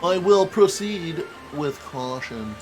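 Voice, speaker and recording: Streamer doing a pompous, wordy scholar sleuth for a game, formal, lecturing, a bit high. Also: male voice, lively intonation, slow pace, soft background music. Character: pompous male scholar detective, learned and wordy. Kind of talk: reading game dialogue aloud in character.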